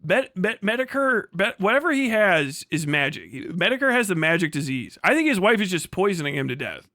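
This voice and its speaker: High-voiced, profane ranting man. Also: sing-song, fairly quick, bright, forceful tone, no room sound, studio quality. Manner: ranting, profane, laughs a lot. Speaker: streamer host. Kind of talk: crude casual livestream chat.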